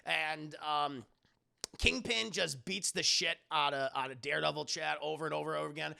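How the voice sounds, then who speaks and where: A man casually recapping a film for his live chat, profane and animated as he talks to his viewers. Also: fairly high pitch, normal speed, creaky. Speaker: streamer and film reviewer. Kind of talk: casual livestream movie recap.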